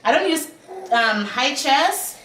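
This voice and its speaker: A mother of twin babies from Africa chats casually at home while showing how she feeds her baby, laughing often and repeating "you see." Her voice sits high and a bit bright, with lively intonation and an unhurried pace. The room is roomy-sounding with faint noise.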